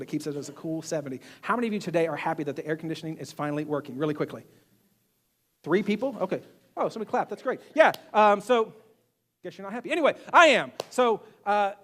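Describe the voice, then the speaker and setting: A male pastor preaching a sermon to a church congregation, animated, swinging between loud emphasis and quiet asides. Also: high voice. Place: church sanctuary.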